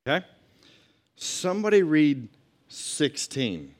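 A man's voice: fairly high pitch, sing-song, slow. A man teaching a Bible lesson to a group in a conversational way, reading scripture and adding asides and questions.

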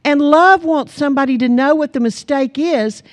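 Animated higher-voiced woman preaching. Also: moderate pace. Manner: animated storytelling, calls the congregation for amens; laughs often as she tells stories. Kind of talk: sermon.

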